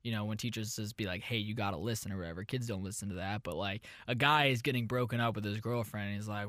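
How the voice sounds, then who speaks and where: Male podcast host, bright edge, dry close mic, rambling deadpan storyteller. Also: on the low side, fast, hardly any pauses, no echo. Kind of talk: casual advice podcast banter.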